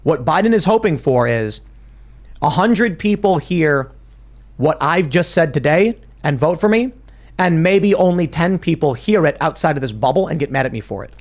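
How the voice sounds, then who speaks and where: A man's voice: on the high side, lively intonation, normal speed. A man hosting a political panel podcast, making his case in long, restarting sentences as he thinks aloud. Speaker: podcast host.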